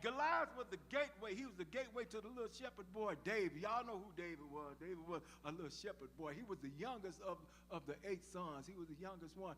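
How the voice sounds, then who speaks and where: A man's voice: high-pitched, fast, few pauses, a bit bright, faint music behind. A man preaching a sermon, telling a Bible story in voices and calling on the congregation to answer back. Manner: call-and-response preaching, storytelling with acted voices. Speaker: pastor. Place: church sanctuary. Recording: live church sound with long reverb.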